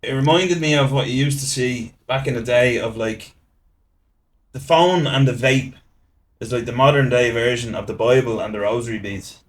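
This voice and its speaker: A man's voice: mid-range voice, normal speed. A man hosting a podcast who talks conversationally, asking questions and riffing along with his guest. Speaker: podcast host. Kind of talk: casual podcast chat.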